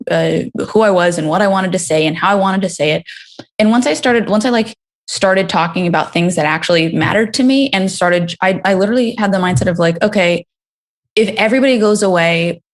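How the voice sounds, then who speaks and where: A young woman speaks on a video call, her voice sitting a little low. She talks in a halting, thoughtful way, restarting her sentences as she feels for the words. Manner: hesitant, halting, restarts often. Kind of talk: casual video-call conversation.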